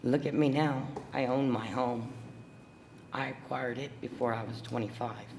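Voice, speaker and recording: A woman's voice: a bass voice, steady tone, moderate pace, a little mellow. An emotional woman, pleading earnestly during public comment at a council meeting, recorded in an echoey council chamber. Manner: earnest, pleading, plain-spoken. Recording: echoey hall with faint hum.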